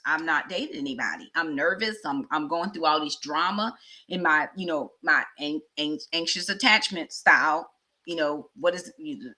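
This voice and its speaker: Bright-voiced chatty middle-aged woman. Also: fairly low pitch. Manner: chatty, animated, acts out dialogue. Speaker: vlogger. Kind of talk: casual personal storytelling.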